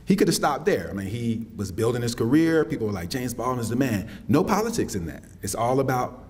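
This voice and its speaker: A middle-aged man from South Carolina, lecturing on campus with animated storytelling and folksy asides. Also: mid-range voice, brisk. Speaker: poet lecturing. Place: lecture hall.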